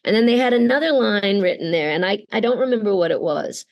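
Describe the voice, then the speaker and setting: Earnest, gravelly-voiced Canadian woman. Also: mid-range voice, fast, muffled recording. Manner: earnest, expressive, acts out quoted exchanges. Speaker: voice actor guest. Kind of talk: interview conversation.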